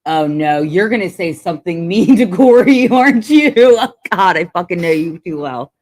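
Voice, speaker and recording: A woman's voice: on the low side, animated, normal speed, a little mellow. Teasing woman podcast co-host. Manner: teasing, laughs often, swears casually. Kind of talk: casual sports podcast chat.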